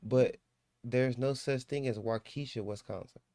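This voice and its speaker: A man from Ohio hosting a casual livestream, ranting loudly and joking with lots of swearing. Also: medium pitch, unhurried. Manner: loud, profane, joking rant. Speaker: stream host.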